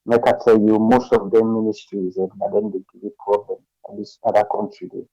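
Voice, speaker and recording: A man with a Sierra Leonean Krio accent calling into a radio show, speaking in a forceful, emphatic way. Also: fairly low pitch, level tone, brisk, no echo, muffled recording, soft background music. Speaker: radio call-in caller. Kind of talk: call-in commentary.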